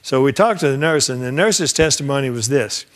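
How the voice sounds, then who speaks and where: An older man lecturing a class like a trial lawyer swapping war stories. He talks in a loose, conversational way, slips into the voices of the people in his cases, and often stops and restarts mid-sentence. His voice sits at an ordinary middle pitch. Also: expressive, a little fast. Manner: conversational storyteller who acts out quoted dialogue; frequent restarts and repeated words. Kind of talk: anecdotal lecture.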